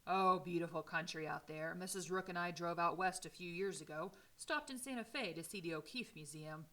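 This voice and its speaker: Woman doing a spry, high-voiced old newspaperman. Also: brisk. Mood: hearty. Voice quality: high-pitched, energetic. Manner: folksy, blunt. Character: energetic old male small-town newspaper owner, about seventy.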